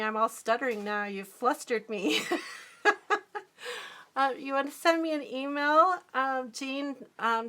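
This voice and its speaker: Giggly, bright-voiced middle-aged woman. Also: high voice. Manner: chatty and giggly, reads and answers viewer comments. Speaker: artist streaming live. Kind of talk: casual live-stream chat while drawing.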